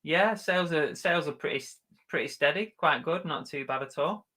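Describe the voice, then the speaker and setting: Bright-voiced man hosting a livestream. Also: on the high side, a little fast. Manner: chatty, upbeat, laughs easily. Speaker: reseller channel host. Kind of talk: live-stream chat reading viewer comments.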